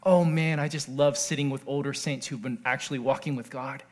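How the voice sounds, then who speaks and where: A man preaching a sermon as pastor, earnest, shifting between hushed intimate passages and excited exclamations, joking with the congregation. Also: mid-range voice, fairly quick.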